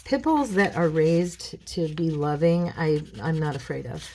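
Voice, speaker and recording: Chatty low-voiced woman with a gravelly edge. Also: lively intonation, unhurried, darkish tone, slight background noise, low-quality recording. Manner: rambling, chatty, addresses viewers as girls. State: frog in her throat, clearing it. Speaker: craft channel host. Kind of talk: casual crafting chat.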